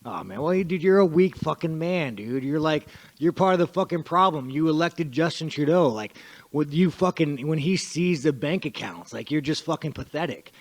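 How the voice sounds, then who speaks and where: A fighter at a press conference, ranting aggressively at a reporter and swearing nonstop. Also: male voice, fairly high pitch, lively intonation, normal speed. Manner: profane, aggressive, shouting insults.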